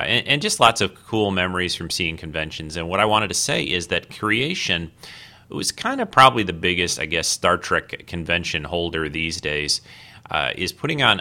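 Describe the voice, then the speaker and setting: This is a man alone on his podcast, casually rambling with fillers and restarts, in a low voice with a sharp tone.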